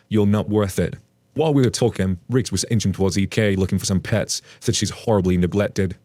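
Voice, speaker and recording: Low-voiced man reading stories casually. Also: darkish tone, no echo. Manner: chatty, addresses listeners directly. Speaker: story narrator.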